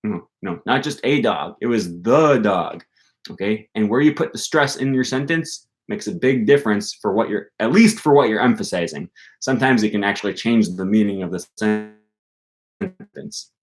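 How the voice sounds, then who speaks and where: A man's voice: on the low side, lively intonation, normal speed. A young man casually explaining language learning to his viewers, chatty, with frequent ums and okays and emphatic stresses in his examples. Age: young adult. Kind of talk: casual explanatory talk answering viewer questions.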